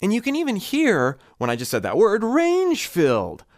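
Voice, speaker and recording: A vocal coach with a voice that sits high talks fast, explaining singing techniques expressively and demonstrating them himself. The recording is studio quality with no echo.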